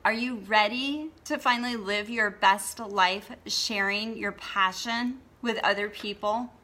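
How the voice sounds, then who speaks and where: A woman's voice: mid-range voice, a little slow, sharp tone. A woman hosting a blogging course gives an earnest motivational talk to the camera and often adds "okay?" for emphasis. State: tearful, emotional.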